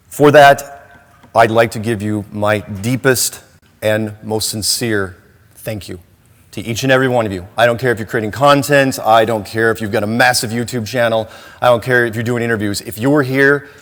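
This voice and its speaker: Man addressing a conference hall. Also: mid-range voice. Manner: emotional, warm to the crowd, with laughs and restarts. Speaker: conference speaker. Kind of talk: speaking to a live audience. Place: large conference room.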